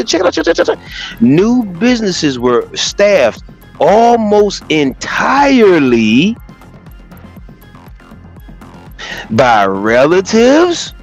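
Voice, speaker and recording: A man hosting a livestream, reading a text aloud and breaking off into loud, profane commentary. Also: on the high side. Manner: animated, profane, reads a text aloud and riffs on it. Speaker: livestream host.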